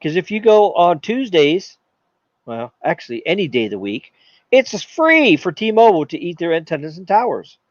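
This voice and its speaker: Animated man hosting a tech stream. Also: fairly high pitch, no echo, highs cut off. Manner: animated, jokey, puts on silly voices. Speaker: tech channel host. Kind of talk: live stream Q&A talk.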